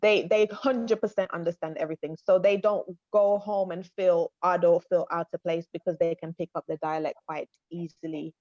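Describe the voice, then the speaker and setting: Lady hosting an online panel, lowish voice, measured, dull video call sound. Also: steady tone, darkish tone, dry recording. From Montserrat. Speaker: panel host.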